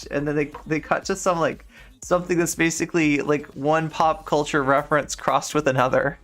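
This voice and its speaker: A woman's voice: deep voice, fairly even intonation, moderate pace, faint music behind. A woman streamer chatting casually while playing a game, rambling and leaning heavily on filler words as she talks. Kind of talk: casual live-stream chat while gaming.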